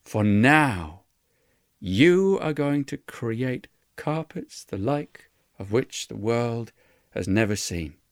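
A man speaking as a serene female angel in a told story, unhurried and steady, never ruffled. The voice sits low and even, recorded dry and close. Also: dry recording. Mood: solemn. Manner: calm, measured, solemn.

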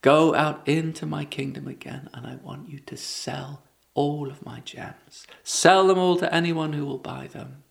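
Storybook queen, commanding and calm, slow and low, as a man reads her, gravelly edge. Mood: earnest. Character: queen mourning lost gems, calm and commanding.

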